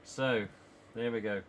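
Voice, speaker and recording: A man's voice: medium pitch, fairly bright tone, slight background noise. Chatty English East Midlands streamer man. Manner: chatty, rambling, laughs often. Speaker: live streamer. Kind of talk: casual chat with viewers. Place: small home office.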